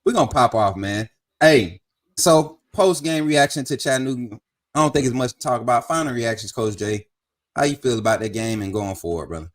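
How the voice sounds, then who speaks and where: A man hosting a casual sports talk livestream, chatty and energetic as he hypes the audience. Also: medium pitch, a little fast. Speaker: show host.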